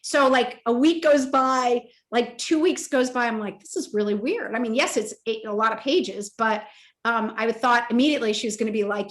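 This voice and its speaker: A woman in her fifties, an author telling a personal story in an emotional, animated way at a virtual interview event, acting out the voices in her story. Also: a little high, a little slow. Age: 50s. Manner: animated, emotional, acts out quoted dialogue. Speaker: author and toy company co-founder. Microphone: video call.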